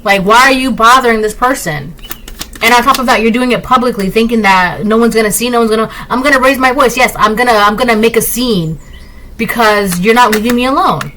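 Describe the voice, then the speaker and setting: A woman's voice: a little high, brisk, a bit bright, slight background noise, poor audio. A woman doing a casual tarot reading, talking emphatically and often tagging lines with "right?". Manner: emphatic, repetitive, rhetorical "right?" asides. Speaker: tarot reader.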